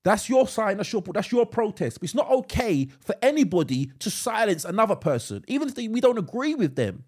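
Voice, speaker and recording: A man's voice: sits high, a little fast, slightly rough. A young man co-hosting a comedy podcast, chatting casually, swearing and acting out the people in his stories. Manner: animated, swearing, acts out quoted people with loud laughs. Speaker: podcast co-host. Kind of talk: casual banter.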